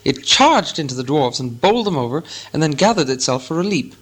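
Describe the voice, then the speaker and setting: A man reading a fantasy novel aloud as an audiobook narrator, with a measured, even storytelling delivery. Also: fairly high pitch.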